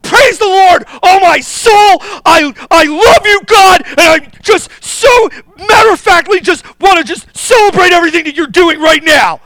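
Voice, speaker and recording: Pastor doing a gushy over-the-top worshipper, shouting high and teary, bright and dry. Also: animated, moderate pace, few pauses, no echo, low-quality recording. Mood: gushing. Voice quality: shouting, near tears. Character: gushing, overly sweet worshipper, adult.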